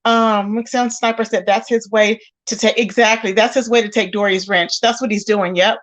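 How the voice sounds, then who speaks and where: Woman host on a live stream, highish voice, lively, calls everyone baby and boo. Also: normal speed. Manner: animated, greets viewers with pet names. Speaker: host of a live commentary channel. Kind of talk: casual live-stream chat.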